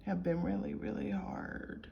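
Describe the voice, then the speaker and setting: A woman's voice: mid-range voice, steady tone, a little slow, vocal fry, muffled recording, a little hiss or hum. A woman vlogger telling her own life story in a reflective, heartfelt way. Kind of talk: personal confessional storytelling.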